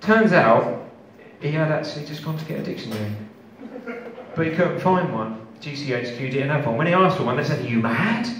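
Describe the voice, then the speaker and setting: A man's voice: fairly high pitch, a little fast, distant mic. Man doing stand-up, echoey room. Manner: deadpan storytelling that builds to shouting. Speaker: stand-up comedian. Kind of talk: stand-up comedy set. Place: festival stage.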